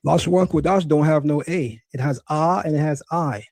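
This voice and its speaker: A man's voice: on the high side, moderate pace, a little mellow, dry recording. A man hosting a streamed debate, insistent and corrective as he presses a guest on pronunciation. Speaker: host. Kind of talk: livestream debate on Hebrew pronunciation. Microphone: screen-sharing stream setup.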